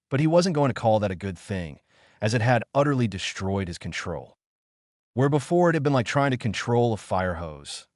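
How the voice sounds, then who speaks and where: A man reading a fan-fiction story aloud as narrator, in expressive storytelling. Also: on the low side, dry recording, studio quality.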